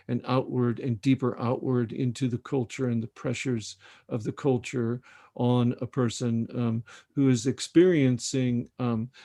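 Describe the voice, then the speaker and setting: Gravelly, halting man in his 60s. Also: medium pitch, dark tone. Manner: halting, thoughtful, searching for words. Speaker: author discussing his novel. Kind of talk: reflective book conversation.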